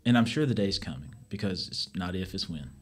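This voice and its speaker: A man hosting a podcast, joking and rambling in a warm-hearted way. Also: deep voice, expressive, brisk. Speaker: podcast host, teacher. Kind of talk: casual chat.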